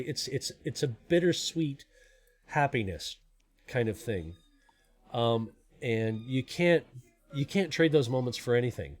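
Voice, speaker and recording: A middle-aged man speaks to his live stream viewers in an earnest, emotional, rambling way. His voice sits at an ordinary pitch, and he talks from the heart. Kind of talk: heartfelt personal talk.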